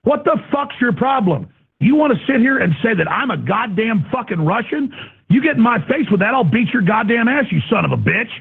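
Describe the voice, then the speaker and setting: A man calling in, putting on the voice of a furious, blustering talk-radio host who shouts threats over a tinny phone line. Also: extremely high pitch, sing-song, a little fast, heavily acted. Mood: enraged. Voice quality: gravelly, raspy, shouting threats. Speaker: caller.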